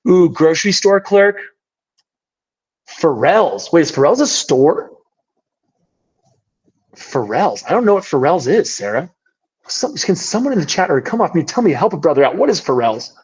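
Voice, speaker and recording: Hoarse man hosting an online workshop. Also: a little high, very animated, normal speed, pauses often. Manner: upbeat, chatty, jokey. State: hoarse, voice worn out from talking all day. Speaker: workshop host. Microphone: video call. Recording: dull lo-fi call audio.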